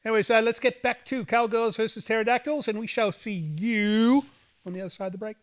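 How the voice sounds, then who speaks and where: A man's voice: high voice, fairly even intonation, brisk. A man hosting a horror movie show, rambling and joking in playful banter. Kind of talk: playful, campy hosting chat.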